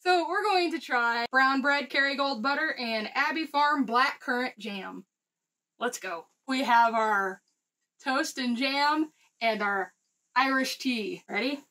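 An American woman co-hosting a vlog, chatting casually while tasting snacks and telling stories with quick asides and laughs. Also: high voice, bright, forceful tone, low-quality recording. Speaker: vlog co-host.

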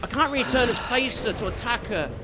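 A man giving chatty, excitable let's play commentary, swearing mildly and talking to the game character. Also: extremely high pitch, quick pace, very noisy. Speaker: gamer.

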